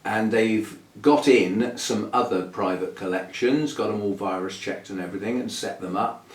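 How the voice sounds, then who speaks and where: A man's voice: on the low side, moderate pace, recorded from a distance. Rambling man in an echoey room. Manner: rambling and chatty, with fillers and soft laughs. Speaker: orchid channel host. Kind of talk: casual chat to camera. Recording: echoey room, voice a bit off-mic.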